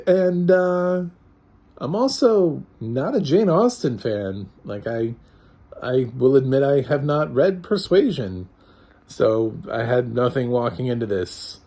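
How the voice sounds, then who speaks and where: A man reviewing a film in a casual, hesitant way, with dry sarcasm and many pauses and fillers. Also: medium pitch, big pitch swings, mellow. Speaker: film critic. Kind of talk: casual spoken movie review.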